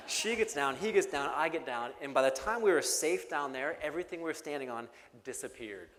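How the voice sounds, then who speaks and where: Speaking fairly quickly in a fairly high, bright voice, a young man delivers a keynote in a large banquet hall, spinning a gripping, humorous story with jokes. Hall reverb, faint music, and slight background noise come through on the recording.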